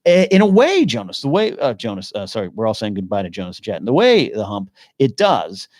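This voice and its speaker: A man's voice: fairly low pitch, huge pitch swings, fairly quick, a little mellow, no room sound, studio quality. A man hosting his own live podcast, rambling and thinking aloud while he answers questions from the chat. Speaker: podcast host. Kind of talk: casual live-stream chat.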